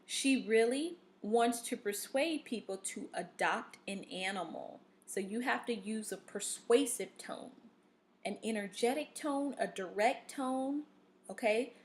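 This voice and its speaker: A woman teaches a recorded reading lesson in an unhurried, patient way. Her voice sits a little high for a woman. She walks students through the steps, checks in often with "okay?" and fills pauses with "um.". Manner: patient, instructive, with frequent fillers and "okay?" checks.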